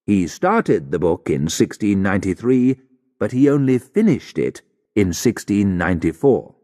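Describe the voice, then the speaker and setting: A fussy, pedantic gentleman correcting a date in a letter to the editor, read out by a man. His delivery moves through a lively pitch range, and a long reverb trails behind each phrase. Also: unhurried. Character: pedantic male letter writer to a newspaper.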